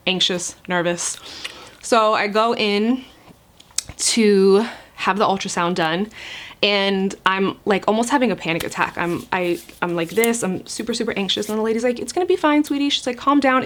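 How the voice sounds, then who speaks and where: A chatty woman vlogger in her thirties tells a personal story straight to camera from home. She leans on "like" constantly and acts out what other people said. Her voice sits at an ordinary, middle pitch. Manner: chatty, animated, acts out quotes with lots of "like".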